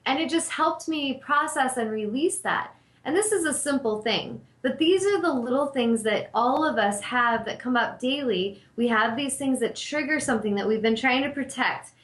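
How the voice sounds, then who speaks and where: A woman's voice: high-pitched, lively intonation, normal speed, echoey room. A middle-aged woman hosting her own talk show as an intuitive healer, telling a personal story in an earnest, reflective way.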